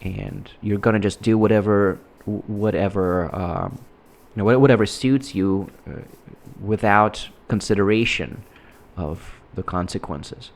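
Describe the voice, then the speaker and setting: A man giving casual, rambling commentary while playing a game, halting and restarting his sentences often. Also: lowish voice, gravelly. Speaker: gameplay commentator.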